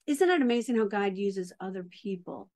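Woman, interview host, effusive and enthusiastic, mid-range pitch. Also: expressive, moderate pace, darkish tone. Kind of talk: faith interview.

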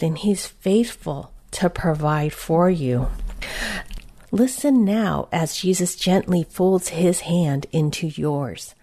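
Woman, guided Christian devotional meditation, very slow, soft and soothing, reflective. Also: on the low side. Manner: gentle, unhurried, soothing, reflective.

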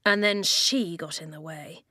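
A woman's voice: on the low side, sharp tone, dry recording, clean studio sound. A woman voicing an impulsive, rule-breaking boy who sighs and apologizes, then speaks up boldly. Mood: rueful. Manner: apologetic, quick, sighing.

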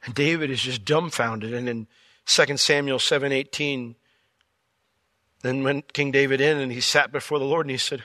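A man preaching a sermon as pastor, telling the story with jokes and lively asides. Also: mid-range voice, normal speed, no echo. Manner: animated, joking storyteller.

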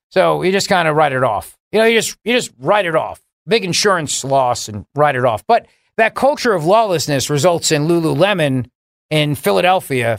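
Sarcastic talk radio host, higher voice. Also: male voice, gravelly, no room sound, studio quality. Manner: sarcastic, mocking, pitch jumps for emphasis. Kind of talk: political talk radio monologue.

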